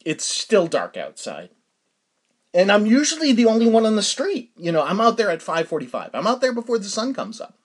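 A man's voice: high voice, wildly swooping pitch, a little fast. A man hosting a podcast, telling a story in a casual chatty way, laughing often and stumbling over fillers and restarts. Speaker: podcast host.

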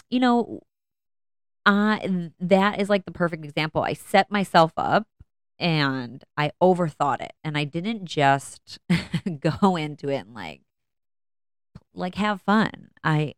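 Low-voiced, candid mom telling stories. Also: female voice, clean tone, no room sound, studio quality. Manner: candid, self-deprecating, laughs often, acts out her own panic. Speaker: podcast host, mother of four. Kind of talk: casual personal storytelling.

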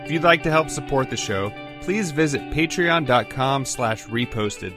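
A man reading a scripted podcast introduction in an even voice. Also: medium pitch, moderate pace. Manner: even, read-out welcome. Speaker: podcast host. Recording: intro over loud guitar music.

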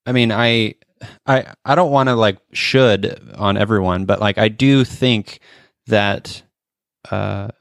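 A man's voice: on the low side, takes it slowly, gravelly, no room sound, clean studio sound. A man of forty hosting a casual interview, talking earnestly with frequent restarts and fillers. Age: 40s. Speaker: podcast host.

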